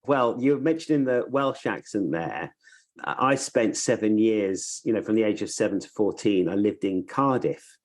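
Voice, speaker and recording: A man's voice: lowish voice, lively intonation, moderate pace. A man hosting a podcast, talking in a thoughtful, meandering way and often restarting his sentences. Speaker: podcast host. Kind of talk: casual podcast chat.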